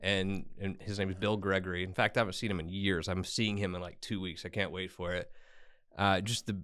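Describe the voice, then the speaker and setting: A low-pitched, smooth male voice moves at a brisk pace as a Tennessee lawyer, a guest in an interview, relates his experience. His delivery is blunt and self-deprecating, growing animated when he repeats what others said.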